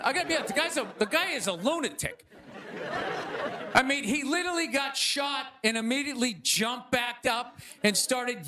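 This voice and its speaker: Comedian guy ranting onstage, pretty high voice, audience roaring, noisy live mic. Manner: animated, ranting, acts out quoted voices. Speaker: stand-up comedian. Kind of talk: stand-up monologue. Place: theater stage before a live audience. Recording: stage recording with crowd noise. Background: audience laughter.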